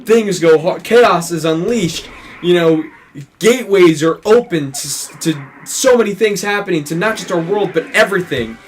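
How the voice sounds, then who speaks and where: A man's voice: sits high, normal speed, slight background noise. A man co-hosting a let's play, casually retelling a film plot in a rambling way, with many restarts and acted-out quotes.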